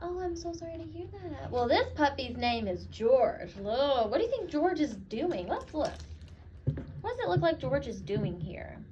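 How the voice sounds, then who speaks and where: A woman teacher reading picture books aloud to a child in an animated, encouraging way, asking questions as she goes. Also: high voice, normal speed. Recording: slightly dull, faintly noisy recording.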